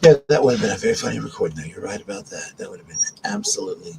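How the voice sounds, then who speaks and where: A man's voice: fairly low pitch, sing-song, rapid-fire, gravelly, heavy background noise. A man hosting a live stream, chatting casually and telling rambling stories about his pets. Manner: rambling, chatty storytelling with restarts; coos softly to his pets.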